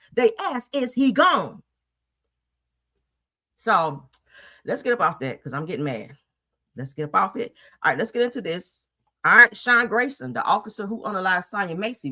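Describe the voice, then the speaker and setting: A woman hosting a commentary show, ranting emphatically and swearing freely in casual talk. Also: on the low side. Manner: animated, profane, emphatic ranting.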